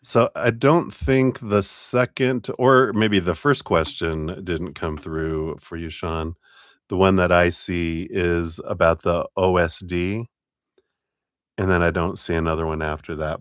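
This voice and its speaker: Male stream host, very low voice, friendly and thankful, dry close sound. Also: no echo. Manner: friendly, greets viewers by name, thankful. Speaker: tarot reader and live stream host. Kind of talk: casual live-stream chat.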